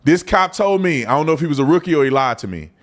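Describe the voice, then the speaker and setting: A man who is a former police officer, telling a personal story in a colloquial, animated way and acting out what people said. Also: quick pace. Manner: colloquial, animated, acts out quotes with big pitch jumps.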